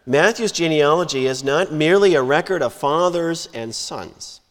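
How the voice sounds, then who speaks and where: A man preaching a sermon in a measured, emphatic way, lifting and dropping his voice for stress. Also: on the high side, expressive. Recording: long hall reverb.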